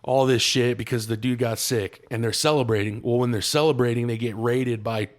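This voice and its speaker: A man of middle pitch rambles through a movie plot for his co-hosts. He talks in slang and swears freely. He stumbles and restarts as he goes. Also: little pitch movement, fairly quick. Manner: loose, profane storytelling with slang and restarts. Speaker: podcast co-host. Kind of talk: casual chat, retelling a movie plot.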